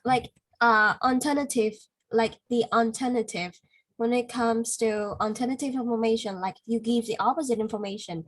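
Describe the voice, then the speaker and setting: A woman's voice: on the high side, fairly even intonation, normal speed, low-quality recording. A woman with a Vietnamese accent, a non-native English speaker, tutoring a student one-to-one, correcting him patiently with many fillers.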